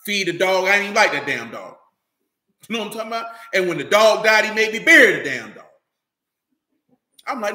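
Animated, bright-voiced man preaching. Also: high voice, fast, echoey room. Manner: loose, street-talking, animated, repeats "you know what I'm talking about". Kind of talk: animated sermon.

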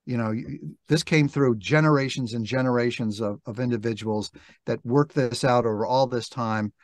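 An older man, a guest on an interview podcast, telling stories in a reflective, halting way and acting out quoted dialogue. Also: medium pitch, dry recording. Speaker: interview guest, narrator and actor. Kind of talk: relaxed storytelling interview talk. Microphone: podcast microphone.

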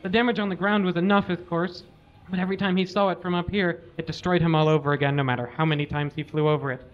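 A man's voice: on the high side, fairly even intonation, fast talker. A man doing a live comic story reading, mock-tender and sprinkled with swearing, on a slightly muffled live recording. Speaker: reader. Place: live show venue.

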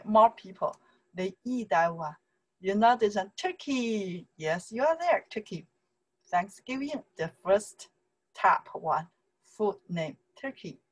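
Slow-talking Chinese-accented woman teacher. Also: medium pitch, fairly bright tone, rough recording. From China. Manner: chatty, repeats words slowly for learners, laughs often, broken English. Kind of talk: casual online language lesson.

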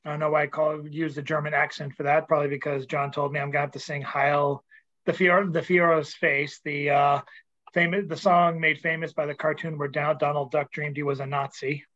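Casting: male open mic host, casual and fumbling, slightly high voice, dull video call sound. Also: level tone, fairly quick, a bit bright. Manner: stumbling, self-deprecating. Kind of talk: casual hosting.

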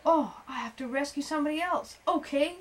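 A woman's voice: a little high, lively intonation, a little slow, vocal fry, darkish tone, a little hiss or hum. A woman voicing a small, brave young male beetle in a bedtime story, talking eagerly in a lifted voice.

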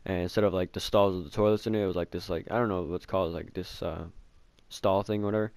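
A man's voice: low-pitched, fairly even intonation, fast, darkish tone, no echo. A young man telling a casual storytime about his childhood, rambling with lots of filler words and swearing, mocking himself. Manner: self-mocking. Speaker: vlogger.

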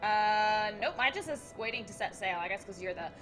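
Bubbly, animated young woman gamer. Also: mid-range voice, normal speed, faint music behind. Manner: bubbly, excitable chatter. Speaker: guest co-player. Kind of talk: casual multiplayer let's play chat.

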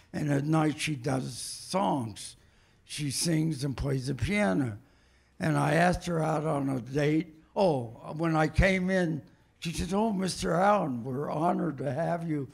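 Older comedian, a man, slow and raspy, spinning fond stories. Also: on the high side. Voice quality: gravelly. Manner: warm anecdotal storytelling, repeats himself. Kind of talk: reminiscing interview.

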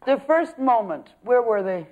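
A woman's voice: fairly high pitch, sing-song, measured pace. An older woman acting teacher giving a student direct, probing notes in class. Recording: dull lo-fi archive recording.

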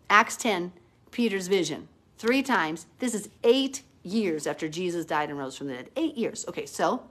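A woman giving a live-streamed Bible teaching, fervent and emphatic, arguing her points with rising intensity. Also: fairly low pitch. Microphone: phone or webcam, live stream.

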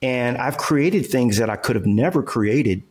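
A man's voice: mid-range voice, animated, unhurried. A man who is a real estate entrepreneur and coach, guest on an interview, explaining his ideas emphatically in casual talk with everyday examples and frequent checks like "okay" and "right".

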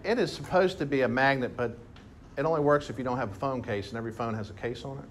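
A man preaching to his congregation, telling his story with lively bursts of emphasis. His voice sits in an ordinary middle range. A faint room hum runs under his words. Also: medium pitch, fast talker. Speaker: pastor. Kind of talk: sermon. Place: church hall with congregation.

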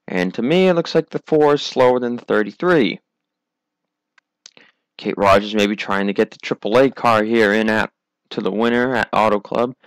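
A man's voice: lowish voice, normal speed, clean tone, dry recording. A young man giving solo play-by-play commentary on a sim racing league, running through positions and replays. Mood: excited. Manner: calls positions and replays, rising excitement at restarts.

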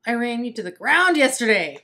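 Lively, teasing woman vlogger. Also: fairly high pitch, a little fast, slight background noise. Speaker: co-host of makeup channel collab. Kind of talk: casual chat on camera.

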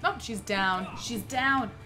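A woman's voice: a little high, measured pace, pushed and bright, soft background music. A woman in casual gaming chat, giggly and sympathetic. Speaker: game co-commentator.

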